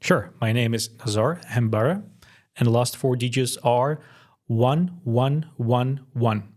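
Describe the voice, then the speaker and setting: A man co-hosting a tech podcast who talks in a relaxed, easygoing way. He leaves fillers between his phrases. His voice sits at a medium pitch. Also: unhurried. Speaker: podcast co-host, company co-founder. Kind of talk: casual demo chat.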